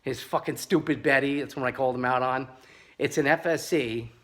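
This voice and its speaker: A man's voice: medium pitch, fairly even intonation, fairly quick, fairly bright tone. A man who sells and tests pepperball guns, ranting angrily and with heavy swearing about a rival seller. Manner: angry, profane, sarcastic ranting. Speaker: pepperball gun seller and reviewer. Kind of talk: ranting while test firing.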